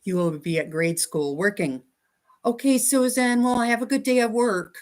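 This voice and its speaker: A woman's voice: a little high, moderate pace, darkish tone. A woman hosting a casual quilting livestream from her home sewing room, chatting with viewers about their comments and talking to her dog.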